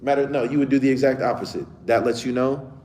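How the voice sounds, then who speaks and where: A man's voice: medium pitch, steady tone, fast talker, a little mellow. A man who is a teacher giving a casual lesson to children, often checking in with the class as he talks. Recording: echoey room with faint ambience.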